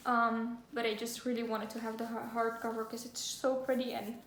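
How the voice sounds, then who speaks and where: Young female book vlogger, gushy and giggly, high voice, roomy echo. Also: level tone, moderate pace, a little hiss or hum. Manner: gushing, giggly, full of fillers. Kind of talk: casual book haul chat with read-aloud synopses. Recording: echoey room, faint ambience.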